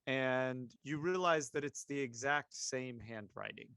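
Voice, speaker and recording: A man's voice: medium pitch, unhurried, vocal fry, fairly bright tone, smooth, no room sound. Game master man, dry close voice. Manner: stumbling narration with repeated words. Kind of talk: narrating a tabletop game.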